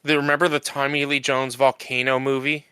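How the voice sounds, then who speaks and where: A man co-hosting a casual podcast, recapping a show in a rambling way full of fillers and restarts. His voice is bright and crisp, recorded close and dry. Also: medium pitch, level tone, brisk, no room sound. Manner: rambling recap with many fillers and restarts, acting out quoted lines. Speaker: podcast co-host. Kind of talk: casual chat.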